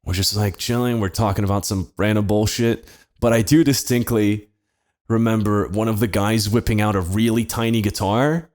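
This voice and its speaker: A man's voice: lowish voice, steady tone, normal speed, darkish tone. A young man on a comedy podcast, casually telling a story, swearing often and laughing.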